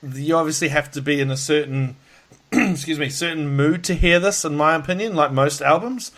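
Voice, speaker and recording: A man's voice: fairly high pitch, moderate pace, a bit bright. A tired man hosting a podcast over a call, rambling, laughing a lot and swearing freely. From Australia. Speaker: podcast host. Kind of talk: casual chat. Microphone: video call.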